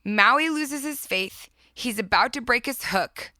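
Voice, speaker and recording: A woman's voice: fairly high pitch, expressive, slow pace, bright, forceful tone, no room sound. A woman hosting a podcast, retelling a story with heartfelt enthusiasm in a casual, reflective way. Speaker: podcast host.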